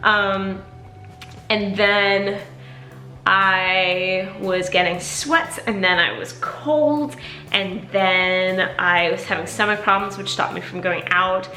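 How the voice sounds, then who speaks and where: A woman's voice: medium pitch, steady tone, slow pace, sharp tone. A tired woman vlogging candidly and casually, rambling with lots of fillers. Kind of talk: casual personal vlog talk. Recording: echoey room.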